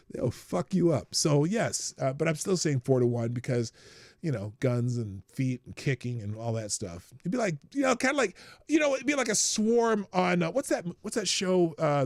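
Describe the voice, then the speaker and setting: Man, livestream host, swearing, blunt, laughs at himself, very lively pitch, dry close sound. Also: no echo. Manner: profane, blunt, laughs at his own jokes, swings from low mutter to loud outbursts. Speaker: livestream host answering viewer questions. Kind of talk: casual unscripted chat.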